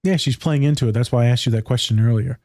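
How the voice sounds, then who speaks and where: A man co-hosting a casual podcast, telling animated stories and swearing freely. His voice is dark and mellow, recorded close and dry with no room sound. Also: medium pitch, fast talker, no echo. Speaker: podcast co-host, therapist. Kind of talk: casual chat.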